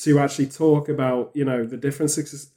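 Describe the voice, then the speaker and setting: A man chatting on a podcast, rambling and animated, with frequent restarts. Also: mid-range voice, brisk. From England. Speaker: podcast host. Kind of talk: casual podcast chat.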